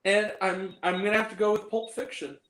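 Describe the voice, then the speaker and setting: A man hosting a live stream, chatting casually and a little tired, animated and given to laughing and acting out lines. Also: sits high, fairly quick, reverberant, rough recording. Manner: animated, laughing, acts out film quotes. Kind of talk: casual chat.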